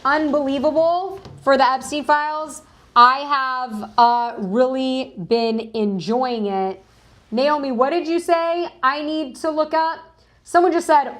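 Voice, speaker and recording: A woman hosting a live news stream, chatting casually and greeting viewers in chat as she talks through documents. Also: sits high. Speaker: livestream news host.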